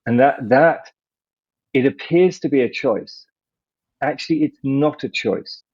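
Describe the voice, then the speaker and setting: A man speaking as a podcast guest, measured and philosophical, slowing down to stress ideas. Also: medium pitch, a little mellow, slightly rough. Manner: measured, philosophical, slows down for emphasis. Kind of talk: reflective interview talk. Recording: muffled lo-fi audio.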